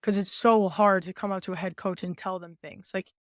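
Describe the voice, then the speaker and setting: A woman's voice: medium pitch, brisk, no echo. Outgoing young woman, dry close sound. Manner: outgoing, animated storytelling with quoted asides. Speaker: guest, former college volleyball player. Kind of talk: casual podcast conversation.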